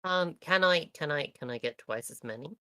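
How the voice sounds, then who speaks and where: Low-voiced hesitant woman player. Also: expressive, normal speed, sharp tone, dry recording. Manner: hesitant, sprinkled with "um" and "uh". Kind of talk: in-character tabletop play.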